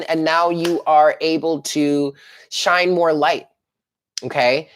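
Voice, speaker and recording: A woman giving a chatty live tarot reading, talking straight to her viewers in an upbeat way. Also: sits low. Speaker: tarot reader.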